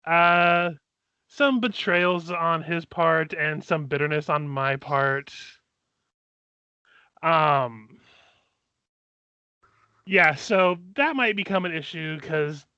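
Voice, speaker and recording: Man playing a hesitant dwarf ex-thief, bright tone, dull dry audio. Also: a little high, steady tone, clear, resonant tone, dry recording, heavily acted. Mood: confessing. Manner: hesitant, halting confession.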